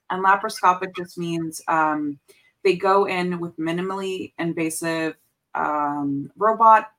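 Lower-voiced woman telling her story. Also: moderate pace, a bit bright, poor audio. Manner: earnest storytelling with frequent restarts. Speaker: podcast guest. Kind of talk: casual interview conversation.

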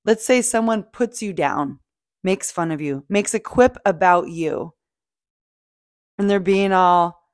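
A woman hosting a podcast, talking in a casual, animated motivational monologue, swearing freely and acting out feelings. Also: fairly low pitch, a little slow, no room sound, clean studio sound. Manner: animated, swearing, playful, acts out quoted feelings. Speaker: podcast host.

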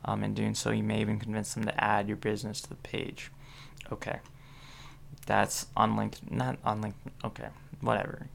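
A sleepy young man reading aloud and commenting casually, skimming with many ums and asides. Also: fairly low pitch. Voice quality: gravelly fry. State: sleepy, yawning. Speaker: solo vlogger reading about link building.

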